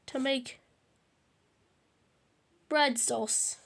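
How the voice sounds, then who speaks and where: A woman's voice: sits high, steady tone, extremely slow, creaky, fairly bright tone, exaggerated voice. A woman voicing a fussy, bossy grandmother in a storybook, nagging and critical.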